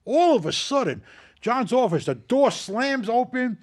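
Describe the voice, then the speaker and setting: An older man hosting a casual chat, telling animated, profane stories and acting out what others said. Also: very high-pitched, unhurried. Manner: animated, profane, acts out quotes. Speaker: host.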